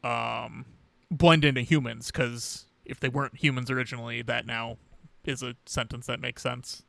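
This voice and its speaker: A man's voice: mid-range voice, fairly even intonation, moderate pace, gravelly, fairly bright tone, no echo. A man co-hosting a podcast, talking loosely and swearing casually. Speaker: podcast co-host. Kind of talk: casual recap chat.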